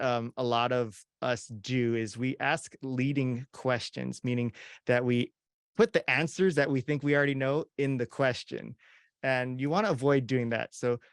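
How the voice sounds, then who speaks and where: A man's voice: mid-range voice, clean tone, no echo, clean studio sound. A man in his forties giving casual, chatty instructional talk on interviewing, full of fillers and acted-out quoted voices. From Hawaii. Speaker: video production instructor.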